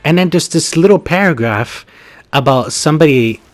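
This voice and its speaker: A man spins a story in loose, profane conversation. His pitch leaps up and down, and he breaks into laughter. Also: normal speed. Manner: animated, laughs a lot, swears casually. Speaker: podcast co-host. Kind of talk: casual storytelling chat.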